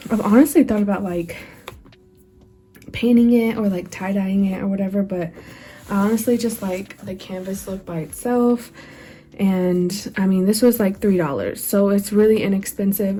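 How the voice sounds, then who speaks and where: A woman's voice: medium pitch, dark tone. A young woman chatting casually in a home vlog, slightly out of breath, rambling with ums and little laughs. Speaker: journaling vlogger. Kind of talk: casual show-and-tell vlog.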